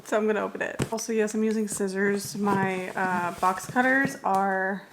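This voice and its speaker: A young woman in her twenties talks through her reading vlog at home in a loose, blunt way, full of fillers and the odd curse. Her voice sits at a middle pitch. There is a faint hiss behind her. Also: fairly even intonation, normal speed. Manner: blunt, chatty, uses lots of fillers and swearing. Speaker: book vlogger. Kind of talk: casual vlog chat.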